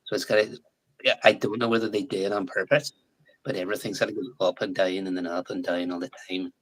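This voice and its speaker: An English man in his forties, a guest in a casual live chat, talking in a chatty, animated way and laughing often. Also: sits low, fast talker, rough recording. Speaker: guest actor.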